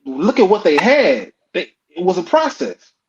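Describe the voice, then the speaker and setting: A man's voice: high-pitched, big pitch swings, measured pace, highs cut off, slight background noise. A man on a sports podcast panel reasoning through a point in casual banter.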